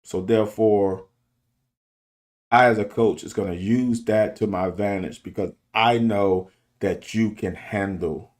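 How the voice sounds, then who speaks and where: A man's voice: fairly low pitch, steady tone, unhurried, darkish tone. A middle-aged man and football coach talking candidly in a casual monologue, restarting and repeating himself to make his point. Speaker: football coach and show host. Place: car.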